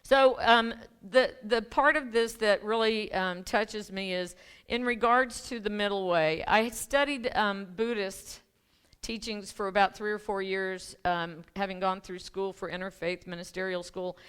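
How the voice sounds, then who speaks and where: Chatty woman minister with a smooth voice. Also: mid-range voice, fairly even intonation, measured pace, a bit bright. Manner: chatty, laughing asides, many restarts and ums. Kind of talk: casual conversational sermon. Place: church sanctuary.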